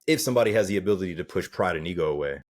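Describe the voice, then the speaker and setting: A man's voice: deep voice, lively intonation, rapid-fire. A man from the American South, a life coach, talking earnestly in an interview and acting out the people he quotes. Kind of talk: casual interview talk.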